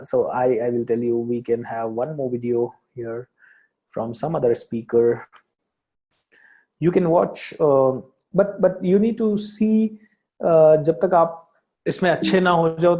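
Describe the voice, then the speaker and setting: An English teacher with an Indian accent and a warm, mid-range voice gives a casual spoken lesson, mixing in Hindi and using many fillers and restarts. The recording has a dull lo-fi sound.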